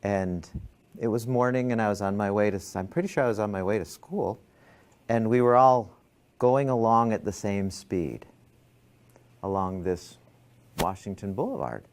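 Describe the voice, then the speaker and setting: A man's voice: fairly low pitch, moderate pace, long pauses. A man lecturing a class, telling a personal story and acting out his own thoughts.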